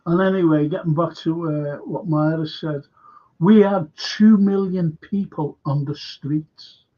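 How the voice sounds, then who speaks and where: A man's voice: on the high side, a little slow. A man hosting a casual current-affairs livestream, rambling, reading viewer comments aloud and trailing off mid-sentence. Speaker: livestream host. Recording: dull lo-fi stream audio.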